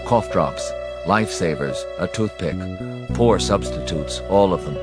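A man narrating a story in a measured, dry storytelling manner. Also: sits low. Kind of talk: audiobook narration. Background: music.

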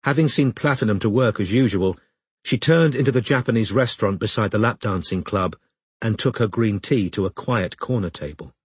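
A man reading a novel aloud as audiobook narrator, in steady, even storytelling. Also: fairly low pitch, fairly quick, breathy edge, no echo. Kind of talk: scripted narration.

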